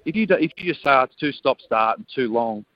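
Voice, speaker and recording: A man's voice: mid-range voice, expressive, quick pace, dry recording, highs cut off. A man speaking as a guest commentator in a casual radio interview, earnest and enthusiastic.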